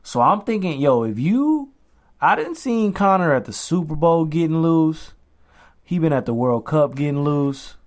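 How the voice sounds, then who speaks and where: A young adult man co-hosts a podcast, chatting casually in a slangy, animated way and often quoting other people in put-on voices. His voice sits on the high side, and he talks at a measured pace.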